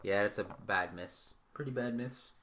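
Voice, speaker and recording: A man's voice: on the low side, normal speed, heavy background noise. Blunt swearing dungeon master man. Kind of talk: casual tabletop game narration.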